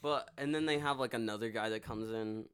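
A man co-hosting a podcast, swearing a lot and telling a reality-show story in animated detail. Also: mid-range voice, brisk, clear, resonant tone. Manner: profane, animated storytelling with quoted voices. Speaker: podcast co-host. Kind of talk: casual chat.

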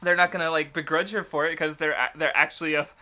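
A young man with a bright, slightly high voice, rambling through a casual podcast chat. He fills his sentences with hesitations and restarts and laughs often as he talks. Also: steady tone, fast. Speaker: podcast co-host.

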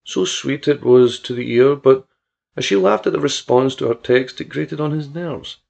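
Gravelly male audiobook narrator. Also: mid-range voice, normal speed, a little mellow.

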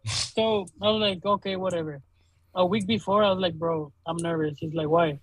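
A young man from Laredo, Texas, with a high, husky voice, speaking at a moderate pace on a poor-quality recording with no room sound. He's a DJ and podcast co-host telling stories in a casual chat, animated and swearing a lot, laughing as he goes.

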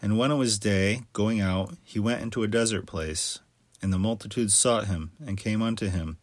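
A man reading scripture aloud with a measured, steady cadence. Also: on the low side, no echo. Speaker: scripture reader.

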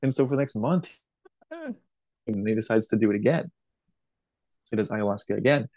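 A man's voice: fairly low pitch, animated, moderate pace, a little mellow, dry recording. A man as a podcast guest, talking casually, laughing often and swearing freely.

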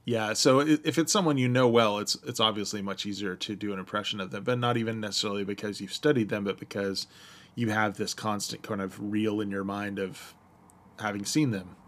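Man, lowish voice, casual chat, hesitant, thinking aloud. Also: steady tone, a little fast, a bit bright. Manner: thoughtful, hesitant, searching for words.

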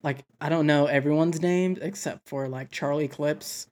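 A woman's voice: low-pitched, steady tone, moderate pace, a little mellow. A woman co-hosting a casual podcast, easygoing and thinking aloud as she talks. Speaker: podcast co-host. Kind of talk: casual chat.

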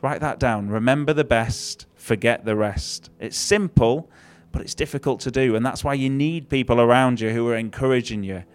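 A man's voice: mid-range voice, normal speed, smooth. Male preacher, chatty sermon with dry humour, mid-range voice, faint music behind. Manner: conversational, self-deprecating, with wry asides.

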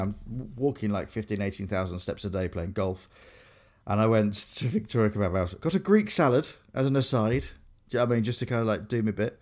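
A man's voice: lowish voice, darkish tone. A young man from Grimsby, England, co-hosting a casual chat, rambling with lots of fillers and restarts. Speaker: podcast co-host.

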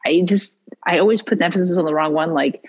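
Husky-voiced rambling woman. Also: on the low side, quick pace, poor audio. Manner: rambling, self-correcting. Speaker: podcast co-host. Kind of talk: casual chat.

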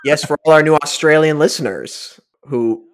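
A man in his thirties co-hosting a podcast, relaxed and joking. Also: on the high side, moderate pace. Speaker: podcast co-host. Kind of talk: casual chat.

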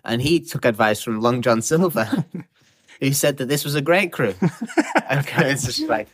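A man co-hosting a podcast in easy, casual conversation. His voice sits at an ordinary middle pitch. He gets animated as he retells scenes and quotes lines. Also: measured pace, slight background noise. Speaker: podcast co-host. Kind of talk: casual film discussion.

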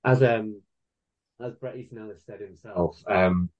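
A man's voice: on the low side, measured pace. Man in his thirties, rambling enthusiast. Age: 30s. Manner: rambling, filler-heavy, enthusiastic. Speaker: author guest. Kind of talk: casual podcast chat. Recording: dull lo-fi podcast audio.

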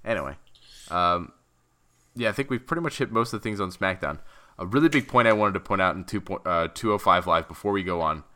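Profane ranting man with a bright voice. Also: deep voice, animated, fairly quick. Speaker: podcast co-host. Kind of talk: casual wrestling podcast chat.

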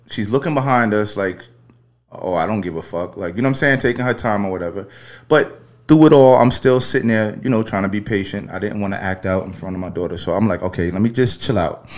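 A man hosting a podcast, telling a story in a loose, rambling way full of profanity before taking a caller. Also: on the low side. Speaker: podcast host. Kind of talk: casual storytelling and call-in chat.

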